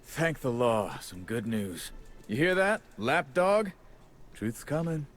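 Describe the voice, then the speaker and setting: An actor playing a gruff, harried male orchard overseer in a video game, blunt and sardonic with folksy speech. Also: medium pitch, lively intonation, slow, a bit bright.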